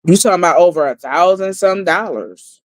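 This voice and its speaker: Brief: blunt livestreamer retelling a night out, mid-pitched, dry close sound. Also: brisk, no room sound. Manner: blunt and profane, repeating lines for emphasis. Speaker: livestream host. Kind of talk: heated storytelling recap.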